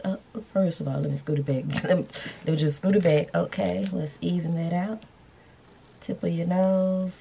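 A woman talks with a somewhat low voice in a chatty, playful way, speaking straight to her viewers as she styles her hair. There is a faint hum of room ambience behind her. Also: creaky, warm tone. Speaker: vlogger. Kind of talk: casual beauty vlog chat. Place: indoors, hotel room.

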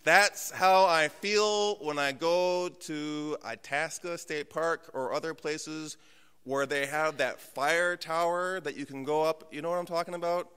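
A man preaching a sermon as pastor from a church pulpit, telling humorous, self-mocking stories and dropping to slow, hushed emphasis. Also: on the high side, fairly even intonation, smooth. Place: church sanctuary. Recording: long church hall reverb.

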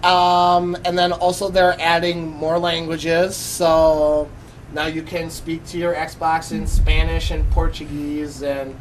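A man's voice: a little high, completely flat delivery, takes it slowly, slight background noise, rough recording. A man co-hosting a casual podcast, recapping a press conference with many fillers and restarts. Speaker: podcast co-host.

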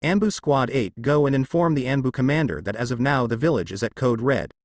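A man's voice: mid-range voice, brisk, no room sound, natural voice. A man voicing an older village leader who speaks with stern authority. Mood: commanding. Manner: authoritative, commanding.

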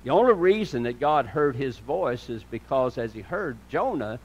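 A man preaching a sermon in an earnest style, moving between loud emphatic lines and hushed low ones and calling listeners "dear friend." He speaks. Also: sing-song, normal speed, hardly any pauses. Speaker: pastor.

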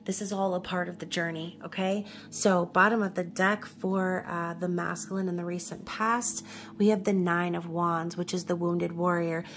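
A woman's voice: on the low side, little pitch movement, normal speed, slight background noise. A woman from New York giving a casual tarot reading, chatty and reassuring, often checking in with "okay?". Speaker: tarot reader.

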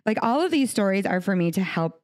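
With a medium pitch that swings widely, a brisk delivery, and a darkish tone, an American woman hosts a studio podcast. The conversation is an interview, and she talks about faith in an earnest, heartfelt manner.

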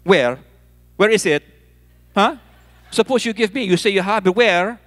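A man's voice: high-pitched, expressive, normal speed. A man voicing the Samaritan woman at the well as a sassy woman with a strong put-on Filipino accent. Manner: sassy, challenging, exclaims "ay, sus".

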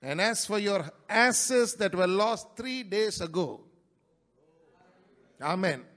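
High-pitched male pastor preaching in church, swings from loud to quick asides. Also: expressive. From India. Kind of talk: sermon.

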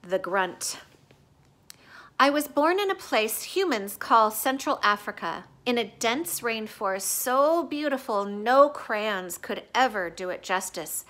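A woman reading a children's novel aloud, stopping in a gentle, teacherly way to explain words and story craft. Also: on the high side, expressive, slow pace. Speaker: read-aloud host.

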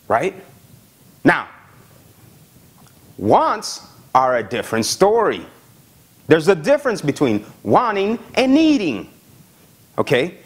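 A man's voice: fairly high pitch, slow, pauses often, breathy edge. A man preaching a sermon as pastor, reading scripture and often asking the congregation "amen?" and "right?". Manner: animated preaching, frequent "amen?" and "right?" checks.

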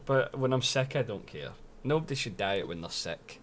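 A young Scottish man streaming a game, loud and sweary, with bursts of playful mock outrage. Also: mid-range voice, very animated, normal speed. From Scotland. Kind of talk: casual live-stream commentary.

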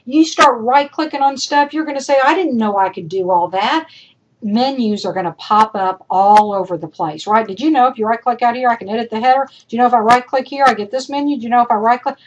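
A woman's voice: on the high side, fast, hardly any pauses, highs cut off. Woman instructor with a fading voice. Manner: direct, chatty, repeats points for emphasis. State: voice going hoarse. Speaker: college instructor. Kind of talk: recorded lecture feedback over screen demo.

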